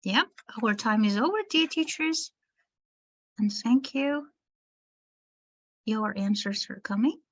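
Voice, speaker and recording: Teacher trainer lady on a video call, higher voice, kinda muffled lo-fi sound, explains things patiently to "dear teachers". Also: animated, slow, pauses often. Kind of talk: online webinar lecture.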